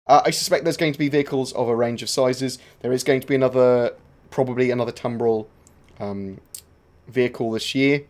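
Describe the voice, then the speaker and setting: A man chats through viewer questions on a gaming livestream, his voice sitting at an ordinary middle pitch. He talks in a loose, relaxed way, trailing off and filling gaps with lots of ums. The delivery is easygoing and conversational rather than scripted. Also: fairly quick. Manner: relaxed, rambling, frequent um fillers. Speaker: gaming channel host answering viewer questions. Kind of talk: casual livestream Q&A.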